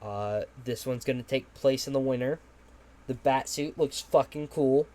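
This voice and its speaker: A man's voice: mid-range voice, measured pace, warm tone. Rambling young man hosting a podcast. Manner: rambling, swears casually, many fillers. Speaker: podcast host. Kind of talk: casual podcast chat.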